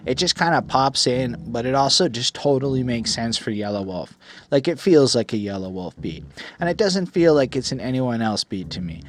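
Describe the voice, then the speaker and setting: A man's voice: mid-range voice, normal speed. A young man hosting a podcast, reviewing an album in a rambling, casual way with lots of "like" fillers. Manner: rambling, heavy on "like" fillers, animated retelling.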